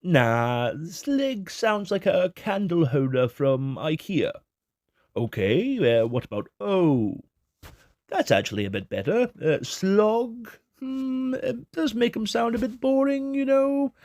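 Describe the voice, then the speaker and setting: A man's voice: high voice, big pitch swings, takes it slowly, darkish tone, no echo, clean studio sound, voice pushed up, full character voice. A man voicing lazy, careless toy company executives in a bouncy, comic sketch. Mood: offhand.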